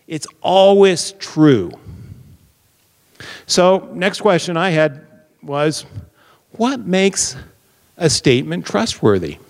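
Man, preacher, deliberate explanatory sermon, asks the congregation questions, fairly high voice, church sanctuary echo. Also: darkish tone. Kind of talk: Bible teaching sermon. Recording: long reverb of a large hall.

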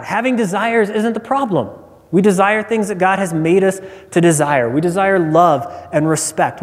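A man's voice: on the high side, a little mellow, long reverb tail. A man preaching a sermon as a pastor, earnest and emphatic, who repeats his key lines for weight.

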